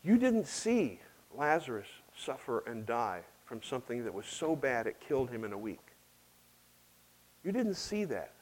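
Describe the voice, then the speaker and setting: A man voicing a grieving woman who pleads softly over her dead brother with repeated hurt questions. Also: a little high, poor audio.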